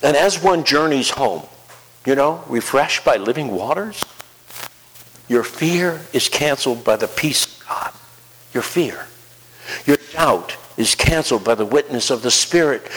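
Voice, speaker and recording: A pastor delivers his sermon in a church sanctuary, his voice carrying a long hall reverb. He moves between soft, low-pitched asides and climbing, emphatic proclamations. His pitch sits in the ordinary middle range for a man. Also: expressive, a little slow, husky.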